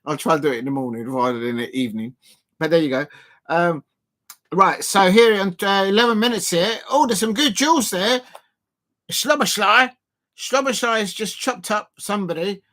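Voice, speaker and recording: A man speaks briskly in a high, fairly bright voice while commenting casually on a football match during a live watch-along stream. He's sitting close to his desk mic, rambling and self-deprecating, with many fillers and restarts.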